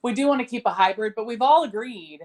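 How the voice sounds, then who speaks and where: A woman guest in a casual chat, telling stories in a quick, friendly way. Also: a little high, a little mellow. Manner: quick, chatty, friendly storytelling.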